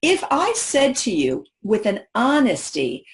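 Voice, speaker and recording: Woman workshop presenter, animated, question-driven delivery to a live audience. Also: fairly high pitch, measured pace, hardly any pauses. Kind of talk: professional development workshop talk.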